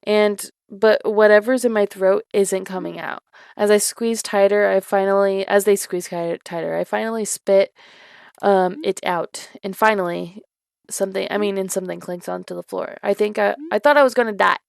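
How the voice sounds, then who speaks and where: A woman's voice: medium pitch, fairly even intonation, normal speed, creaky, clear, resonant tone, no echo, studio quality. A young woman reading creepy stories aloud, breaking off for casual, giggly asides full of filler words. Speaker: story reader.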